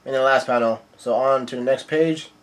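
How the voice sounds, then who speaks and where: A man's voice: medium pitch, normal speed. A young man casually recapping a manga chapter page by page, rambling with lots of fillers and restarts. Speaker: manga reviewer.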